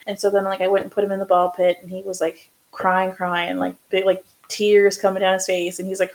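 A woman's voice: medium pitch, flat delivery, a little fast, hardly any pauses, a little mellow, low-quality recording. A young woman co-hosting a podcast, talking in a rambling casual way with lots of fillers. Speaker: podcast co-host. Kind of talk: casual chat.

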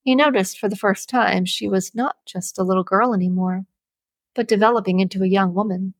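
A woman reading a novel aloud as an audiobook narrator, with steady, measured storybook narration. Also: mid-range voice, no room sound.

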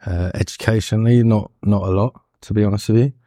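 A man's voice: lowish voice, steady tone, fast, mellow, dry recording, studio quality. A man, a carpenter answering interview questions in a hesitant, casual way with many ums and restarts. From England. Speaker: guest, carpenter and furniture maker.

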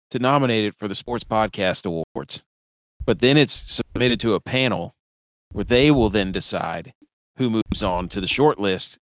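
A man's voice: fairly low pitch, a bit bright, dry recording, poor audio. A man co-hosting a sports podcast in casual, joking chat, laughing often. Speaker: podcast co-host.

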